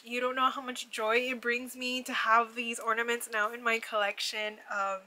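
A woman casually unboxing gifts in a vlog, gushing and excitable, with frequent gasps of delight. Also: fairly high pitch, moderate pace, few pauses. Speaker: vlogger opening a gift box. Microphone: ring light setup, camera on a desk.

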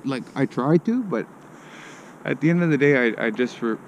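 A young man talking outdoors in a quiet, halting, emotional way. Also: mid-range voice, expressive, a little hiss or hum, rough recording. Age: young adult. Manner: quiet, halting, soft-spoken. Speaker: passerby in conversation. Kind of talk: casual street conversation. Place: outdoors in a city park in winter.

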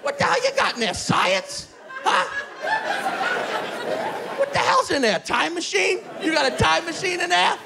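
A man voicing a loud, outraged old-school New retiree, ranting in disbelief. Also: extremely high pitch, big pitch swings, measured pace, creaky, long pauses, a loud crowd, heavy background noise, pitched above the performer's own voice, exaggerated voice. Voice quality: shouting, incredulous ranting.

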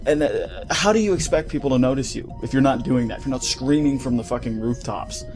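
Brief: male gaming vlogger, mid-range pitch, heated profane rant, studio mic, soft music underneath. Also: lively intonation, fairly quick. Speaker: gaming YouTuber. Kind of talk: ranting vlog commentary. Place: home recording setup. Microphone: studio mic with pop filter.

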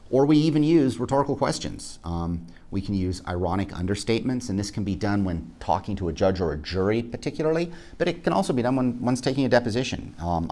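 A middle-aged man teaching as a law school clinic instructor, explaining rhetorical devices in a measured way and stressing his examples. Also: low-pitched, darkish tone. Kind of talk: recorded legal education lecture.

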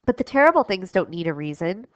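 A woman's voice: fairly low pitch, big pitch swings, quick pace, no echo. A woman doing a stubborn older rabbit. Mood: dismissive. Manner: dismissive, reassuring. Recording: dull lo-fi recording.

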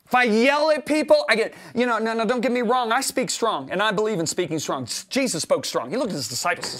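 A middle-aged man preaching in a fairly high voice. He builds to loud, emphatic runs, then drops to a soft, confiding tone, and acts out his own quoted words along the way. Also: animated, fast talker, few pauses, slight background noise. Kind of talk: sermon-style teaching.

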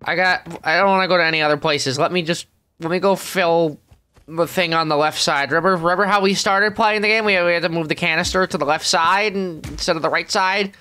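A man's voice: a little high, a little fast, smooth. A man voicing a grumpy, weary middle-aged male squid, grumbling sarcastic commentary while playing a game. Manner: sarcastic, grumbling, deadpan asides. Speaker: let's play gamer. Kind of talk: character let's play commentary.

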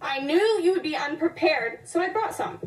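A snooty high schoolgirl. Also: expressive, normal speed, roomy sound, distant mic, rough recording. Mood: disdainful. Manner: haughty, dismissive.

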